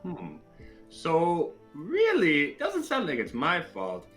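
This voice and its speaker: Give me a slow, bright-voiced man asking wry questions at a game table. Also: on the high side, wildly swooping pitch, faint music behind. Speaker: player. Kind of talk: casual chat at a tabletop game.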